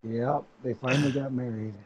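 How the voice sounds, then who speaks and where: A man's voice: mid-range voice, fairly even intonation, fairly quick, poor audio. A man chatting casually, laid-back, mostly giving short replies. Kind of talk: casual chat.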